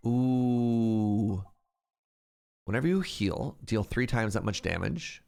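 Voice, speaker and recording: Chatty male streamer, lively voice. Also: fairly low pitch, normal speed, gravelly. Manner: playful, chatty with viewers. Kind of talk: casual live-stream chat.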